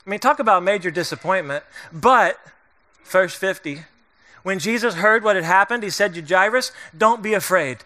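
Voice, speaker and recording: A man's voice: sits high, moderate pace, bright, forceful tone. A middle-aged male pastor preaching a sermon in a conversational, joking way, acting out the voices of the people in the story.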